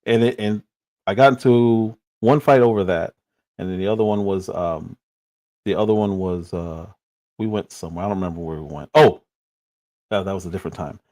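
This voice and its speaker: A man from Chicago hosting a livestream, telling a story in a casual, animated way, laughing and acting out the lines he quotes. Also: sits low, brisk. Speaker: livestream host.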